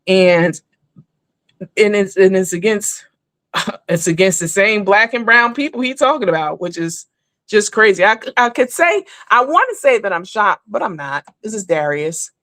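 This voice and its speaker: A woman's voice: medium pitch, expressive, moderate pace, fairly bright tone, dry recording. Chatty woman hosting a live stream. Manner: chatty, rambling, addresses viewers as honey and baby. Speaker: live show host. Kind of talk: casual live-stream commentary.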